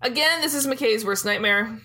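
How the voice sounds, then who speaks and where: Bright-voiced chatty woman. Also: a little high, moderate pace, low-quality recording. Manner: laughs often, chatty recap with acted quotes. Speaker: podcast co-host recapping a show. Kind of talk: casual chat.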